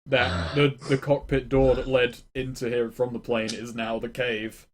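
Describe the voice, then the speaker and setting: A man's voice: medium pitch, flat delivery. Man narrating as game master. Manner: descriptive, halting with fillers.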